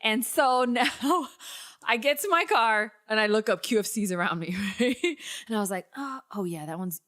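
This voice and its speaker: A young woman hosting a casual podcast, telling a long story and swinging up into high, excited tones. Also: normal speed. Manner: animated storyteller, jumps to high excited pitch. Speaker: podcast host.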